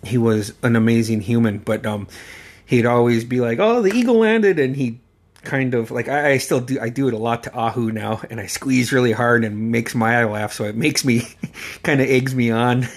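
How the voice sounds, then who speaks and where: A man's voice: medium pitch, steady tone. A man in his forties telling casual, rambling stories about his uncle, swearing freely and breaking into laughter as he goes. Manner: rambling, profane, often laughing mid-sentence; halting, with many fillers and restarts. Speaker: storyteller remembering a late relative. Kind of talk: casual anecdotal storytelling.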